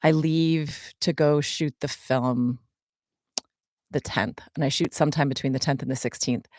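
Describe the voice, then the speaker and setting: Low-voiced woman chatting on a podcast. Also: steady tone, unhurried, no echo, studio quality. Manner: chatty, warm, with frequent ums and laughs. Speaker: podcast co-host answering fan questions. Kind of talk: casual podcast chat.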